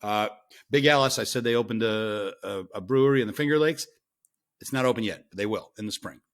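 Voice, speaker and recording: A man co-hosting a podcast in casual chat, pausing with fillers and correcting himself as he goes. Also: fairly low pitch. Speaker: podcast co-host.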